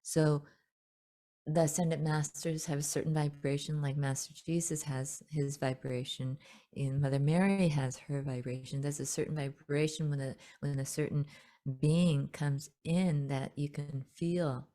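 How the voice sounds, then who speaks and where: Female spiritual teacher, low relaxed voice, chatty and gently amused, loose unscripted delivery. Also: a little slow. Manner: gentle, chatty, laughs often, many fillers and restarts. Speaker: spiritual teacher hosting a webinar. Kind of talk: casual spoken teaching.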